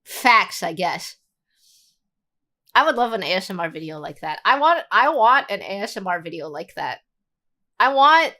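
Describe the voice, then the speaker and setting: A woman livestreamer giving casual commentary in an animated, crude and rambling way. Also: mid-range voice.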